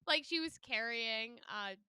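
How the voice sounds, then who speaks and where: A young woman with a bright, higher voice chats casually as a podcast co-host. Her pitch swings widely as she talks. She is bubbly and giggly, and she fills her sentences with "like". The sound is close and dry. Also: animated, a little slow, smooth, no echo. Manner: bubbly, giggly, heavy filler "like". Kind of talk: casual book chat.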